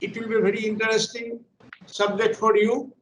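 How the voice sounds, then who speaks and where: A man, coordinating a teachers' workshop and formally introducing the next speaker, with halting restarts. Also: sits high, little pitch movement, reverberant, a little hiss or hum, poor audio.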